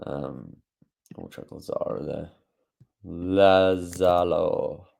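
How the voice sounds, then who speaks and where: A man's voice: deep voice, animated, measured pace, creaky, darkish tone. A young man, talking casually to his channel with an offhand, chatty manner and frequent fillers. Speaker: fantasy football YouTuber. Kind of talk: casual talk to camera.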